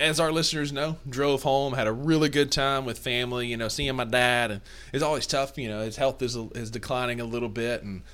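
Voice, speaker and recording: A man's voice: mid-range voice, a bit bright, clear, resonant tone. A young man with a north Mississippi Southern accent, co-hosting a casual sports podcast with playful trash talk. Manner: playful trash talk, long enthusiastic lists. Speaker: podcast co-host.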